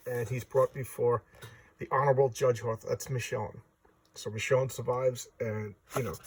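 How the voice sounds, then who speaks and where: Male comic reviewer, warm low-key timbre, rambling story-style recap. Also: a little hiss or hum, poor audio. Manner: loose storytelling recap, briefly acts out character lines. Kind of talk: casual comic book recap.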